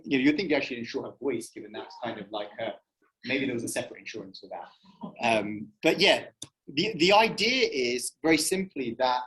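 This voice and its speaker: This man leads a spiritual society's discussion session, speaking in a fairly high voice over a rough recording. His style is casual and conversational, full of fillers and frequent questions to people in the room and online.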